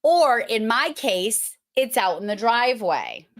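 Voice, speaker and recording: Slow, playful woman with a Boston accent. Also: on the high side, very animated. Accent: Boston, Massachusetts. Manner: playful, emphatic, teasing. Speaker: host. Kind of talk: casual livestream chat.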